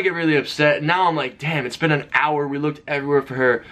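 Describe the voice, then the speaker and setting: A young man vlogger telling a story to camera in a casual, animated way. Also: fairly high pitch. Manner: fast, animated storytelling with shouted name calls.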